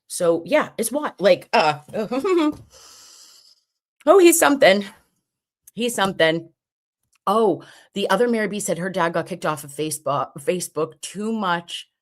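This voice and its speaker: A woman in her forties hosting a casual livestream, chatty and animated, acting out the things people said to her. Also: lowish voice. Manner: animated, chatty, acts out quotes. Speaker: livestream host.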